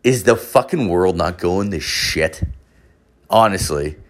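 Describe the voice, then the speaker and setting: A young man tells a story in a loose, rambling way. His voice sits a little low, and he swears constantly and leans on fillers. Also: expressive, slow pace. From Canada. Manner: profane, rambling, filler-heavy. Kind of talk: casual storytelling.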